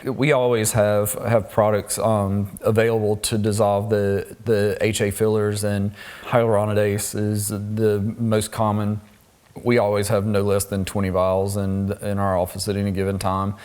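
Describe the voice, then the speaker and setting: A man who works as a cosmetic injector, talking on an educational podcast in a halting way with many pauses. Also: on the low side, monotone, a little mellow, clear, resonant tone.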